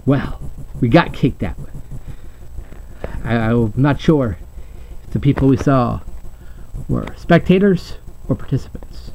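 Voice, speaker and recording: A man's voice: mid-range voice, animated, slow pace, gravelly, long pauses, darkish tone, a little hiss or hum. A man hosting a playful mock news report, speaking in a hammy, upbeat reporter voice. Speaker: host and reporter. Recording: slightly muffled home recording.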